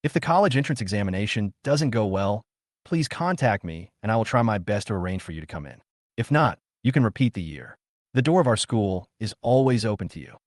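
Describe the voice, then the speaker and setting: Friendly professor recruiting a student, read by a man, low and lively, dry close sound. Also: a little fast, dry recording, close to an everyday voice. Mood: encouraging. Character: encouraging male university professor recruiting students.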